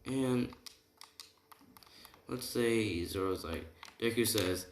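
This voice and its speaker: Man, very low voice, casual rambling storyteller, "he's like" retellings, echoey room, keyboard typing behind. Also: slow, pauses often, background noise. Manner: rambling, retells dialogue with lots of "he's like" and "right?". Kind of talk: casual fan-fiction storytelling.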